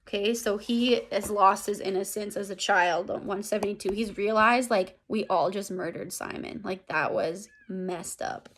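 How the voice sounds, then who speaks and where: A woman's voice: mid-range voice, steady tone, moderate pace, few pauses. A woman English teacher recapping a lesson in a casual, chatty way, full of fillers and tag questions.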